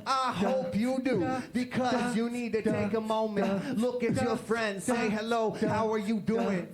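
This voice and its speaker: A man's voice: high voice, fairly even intonation, unhurried, over a noisy crowd. A man freestyle performer who slides between singing and playful, rambling spoken riffs in an improv comedy set.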